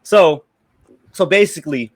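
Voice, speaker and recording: An American man on a casual group call, pitching a story in a rambling, profane way with many restarts. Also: animated, unhurried. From United States. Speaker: podcast panelist presenting a topic.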